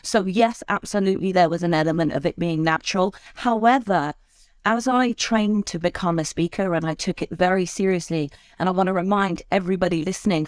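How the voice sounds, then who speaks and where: A woman from the UK, a speaker trainer talking as a podcast guest, expressive and swinging widely in tone and loudness. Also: medium pitch, no echo, clean studio sound. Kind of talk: podcast interview.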